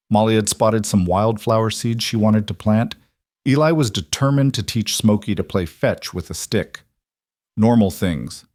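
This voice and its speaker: Low-voiced man narrating a story. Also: a little mellow, no room sound, studio quality.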